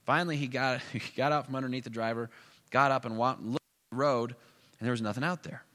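A male preacher telling a story in a sermon. He swings between loud bursts and hushed asides. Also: medium pitch, steady tone, fast talker. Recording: echoey hall.

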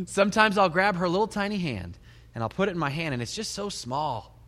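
A middle-aged male pastor preaching a sermon in a large hall, his voice ringing with a long reverb. He tells the story in an animated way, his pitch swinging widely, with soft laughs between lines. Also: moderate pace.

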